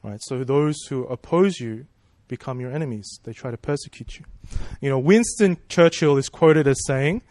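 A man's voice: mid-range voice, normal speed, few pauses, darkish tone, no echo. A man preaching a sermon in a casual, conversational way, asking rhetorical questions and checking in with "right?" and "you know".

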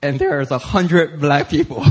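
A man pastor preaching a sermon through an animated story, acting out voices and bursting into shouts. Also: a little high, unhurried.

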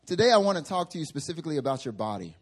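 A man's voice: a little high, sing-song, very fast. A male pastor giving a sermon in a church sanctuary, telling humorous, self-mocking stories.

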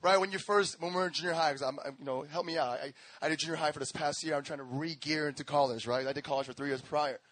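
Animated young male preacher, high voice, dry close sound, playful storytelling. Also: fast, few pauses, no room sound. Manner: animated, acts out voices, laughs often; repetitive rhythmic emphasis. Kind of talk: lively sermon with storytelling.

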